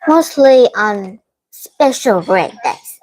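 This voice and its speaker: A young woman student with a Vietnamese accent practicing spoken English in an online lesson, halting and hesitant. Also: medium pitch, expressive, a little mellow, rough recording.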